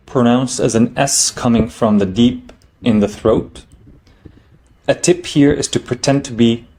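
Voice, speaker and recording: A man teaching a language lesson, explaining each letter patiently, checking in with "okay?" and slowing down to model the sounds. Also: medium pitch, a little mellow. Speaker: Arabic teacher.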